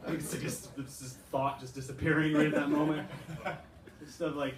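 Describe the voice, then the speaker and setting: A Canadian man doing a stand-up comedy set, animated and acting out characters, with a laughing audience. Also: a little high, moderate pace, a little hiss or hum. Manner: animated, acts out characters in put-on voices. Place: club stage with a laughing crowd. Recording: roomy, distant crowd recording.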